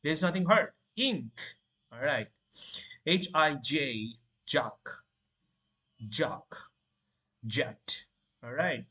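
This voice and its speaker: Husky man drilling English letter sounds. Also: on the high side, expressive, pushed and bright. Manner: repeats sounds and words slowly, with fillers like "you know" and "all right". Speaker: English pronunciation teacher. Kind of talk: spoken lesson, drilling single words.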